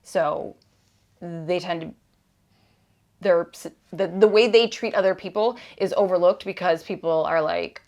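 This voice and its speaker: Woman podcast host, earnest and candid, somewhat low pitch, conversational with restarts. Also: unhurried, a little mellow. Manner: grows emphatic and exasperated in places. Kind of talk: personal podcast talk.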